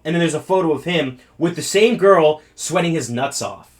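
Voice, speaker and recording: A man's voice: fairly high pitch, expressive, fairly quick, few pauses. A man commenting on the news in a blunt, rambling style, with profanity and asides. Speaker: political commentator. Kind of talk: commentary video.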